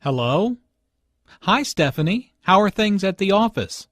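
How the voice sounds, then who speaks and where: A man's voice: high voice, sing-song, measured pace, dry recording, voice pushed up. A man voicing a young man struggling to hear on a bad phone call in a scripted lesson dialogue. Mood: puzzled. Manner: asking to repeat.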